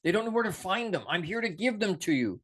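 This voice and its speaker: A middle-aged man hosts a show, delivering an unscripted, passionate motivational talk that swings from soft reflection to emphatic urging. His voice is high-pitched, animated, fast and slightly rough.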